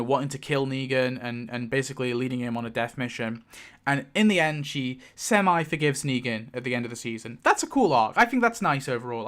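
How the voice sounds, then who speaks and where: A man hosting a show, ranting about a TV series with heated, swearing, animated commentary. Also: mid-range voice. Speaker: show host.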